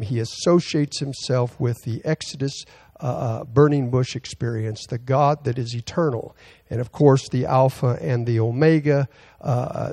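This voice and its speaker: A man preaching a Bible teaching sermon, halting often with fillers and restarts as he reads scripture aloud. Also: medium pitch, dark tone.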